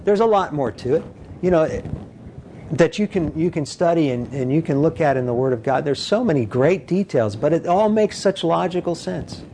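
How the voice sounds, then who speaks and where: A man preaching a conversational sermon, animated and full of "you know", acting out quoted voices. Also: normal speed, a little hiss or hum. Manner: animated, acts out quoted voices with big pitch jumps.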